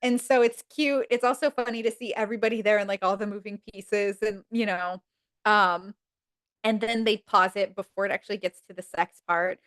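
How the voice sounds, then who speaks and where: A woman on a podcast casually retelling TV episodes with lots of fillers, jumping high in pitch to act out each character's lines. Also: steady tone, normal speed, a bit bright, dry recording. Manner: frequent fillers like "um" and "like". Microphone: podcast mic.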